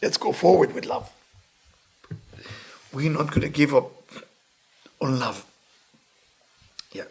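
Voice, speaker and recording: Animated, gravelly male Kabbalah teacher. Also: a little high, takes it slowly, pauses often. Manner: animated, emphatic storytelling. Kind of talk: lesson with storytelling.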